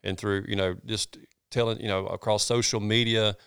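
A man's voice: lowish voice, flat delivery, normal speed, a bit bright, clean tone, no room sound, clean studio sound. A man, a pastor talking in a casual chat, earnest and folksy, with many restarts.

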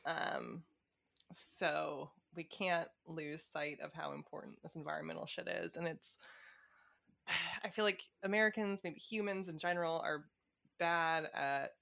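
A woman's voice: sits low, fairly even intonation, a little slow, gravelly, fairly bright tone. A woman talking politics in a casual chat, swearing freely and laughing often.

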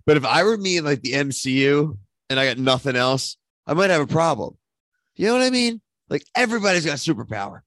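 A man hosting a casual pop-culture podcast, excitable and rambling, with lots of filler words. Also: a little high, fairly quick, no room sound. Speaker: podcast host.

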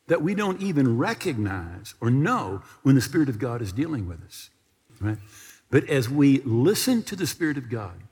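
A man's voice: mid-range voice, a little mellow, slightly rough, in a large hall. A man preaching a television sermon, telling a personal story and leading viewers in prayer. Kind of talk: sermon with altar call.

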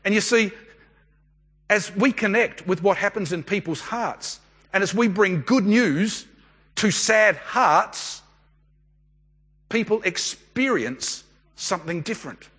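A high-voiced, bright-toned middle-aged man preaches to his congregation. His voice is slightly husky and carries a long hall reverb. He talks earnestly and conversationally, often posing questions. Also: animated, takes it slowly, pauses often. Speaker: pastor. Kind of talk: sermon.

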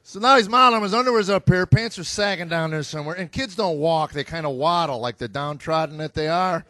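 A middle-aged American man doing stand-up, telling stories about his sons with a deadpan, exasperated delivery to a live audience. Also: a little high, a little fast, no echo. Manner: deadpan storytelling with exasperated asides. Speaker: stand-up comedian. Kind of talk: stand-up comedy routine. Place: stage before a live audience.

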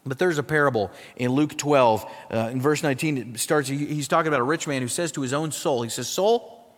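A pastor from South Dakota delivering a sermon, emphatic and swinging between loud passages and hushed ones. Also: male voice, mid-range voice, fast talker, in a large hall.

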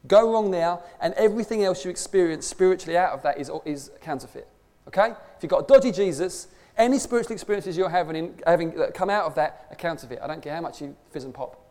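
A man's voice: sits high, fast, darkish tone. A man preaching a conversational sermon, emphatic and full of rhetorical questions. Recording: long hall reverb.

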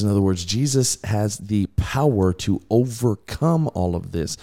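Deep-voiced man in earnest faith talk. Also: animated, unhurried, creaky, hardly any pauses, dark tone. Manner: earnest, repeats words while searching for thoughts. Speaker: podcast co-host. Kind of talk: casual faith discussion.

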